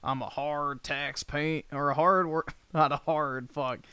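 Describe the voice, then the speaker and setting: A man's voice: fairly high pitch, fairly even intonation, takes it slowly, sharp tone, clean tone, no echo. Blunt, profane man on stream. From United States. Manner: blunt, crude and profane, offhand. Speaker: livestream host. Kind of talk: casual livestream chat reading comments.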